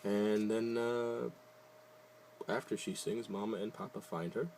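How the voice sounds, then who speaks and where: A man's voice: on the low side, steady tone, unhurried, a little mellow, a little hiss or hum. A man casually reading a picture book aloud, adding wry, jokey asides and loosely retelling the story. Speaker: reader.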